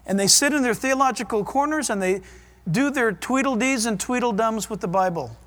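A man's voice: extremely high pitch, brisk, fairly bright tone. Fervent male preacher. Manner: fervent, emphatic, varies pace widely. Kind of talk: sermon.

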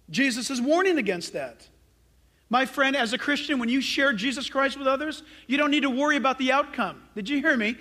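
Pastor guy preaching, really high voice, bright and punchy, keeps asking the church questions. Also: lively intonation, normal speed. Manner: emphatic, asks the congregation rhetorical questions. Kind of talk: sermon.

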